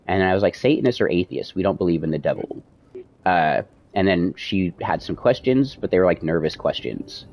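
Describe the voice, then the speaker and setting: Streamer, young man, lowish voice, animated profane storyteller. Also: brisk. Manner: animated, profane retelling with quoted dialogue. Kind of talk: casual storytelling.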